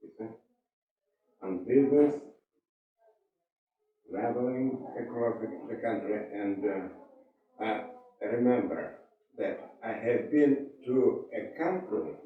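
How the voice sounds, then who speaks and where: A man with a Russian accent teaching an English lesson in a classroom, speaking slowly and simply and often asking "you see?". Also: medium pitch, phone-quality sound. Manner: slow, repetitive, keeps asking "you see?". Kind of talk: slow classroom lecture to students. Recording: echoey room, distant mic.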